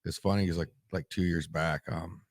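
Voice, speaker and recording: A man's voice: sits low, steady tone, normal speed, no room sound, clean studio sound. A man in his forties from Michigan, a veteran guest telling stories bluntly and with lots of swearing in a casual interview. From Michigan, USA. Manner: blunt and profane, rambling.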